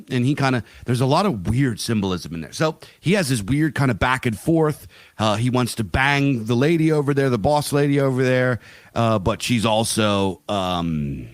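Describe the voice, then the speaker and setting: Middle-aged male co-host, casual and meandering, lots of ums, mid pitch, dry close sound. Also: no echo. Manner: rambling, profane, full of fillers and restarts. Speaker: podcast co-host. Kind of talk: casual chat.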